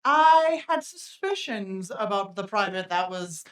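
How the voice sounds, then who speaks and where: A woman's voice: medium pitch, animated, a little slow, fairly bright tone. A woman improvising a self-important, boastful military general at a live tabletop game, haughty and given to giggles. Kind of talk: live improvised character play. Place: convention stage before a live audience.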